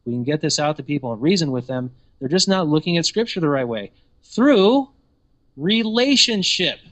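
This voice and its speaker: Male teacher, sermon delivery, emphatic questioning, a bit higher pitch. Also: lively intonation, quick pace.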